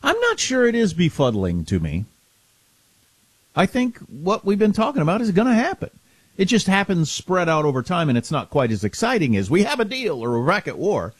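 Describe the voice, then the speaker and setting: A man's voice: high voice, huge pitch swings, moderate pace, breathy edge, no echo. A man co-hosting a talk radio show, giving sardonic opinions on politics. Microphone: studio microphone.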